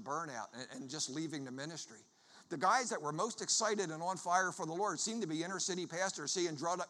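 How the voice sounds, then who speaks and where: A traveling preacher from the Philadelphia area, a man with a high, bright voice, tells stories and jokes with the congregation. His voice rings through the long reverb of a church hall. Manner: lively storyteller, jokes with the crowd. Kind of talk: sermon with humorous storytelling.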